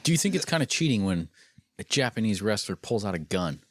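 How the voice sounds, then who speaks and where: A man adds goofy interjections to a casual podcast chat. His pitch jumps wildly from low to high. The recording is dry. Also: sing-song, fairly quick, dry recording.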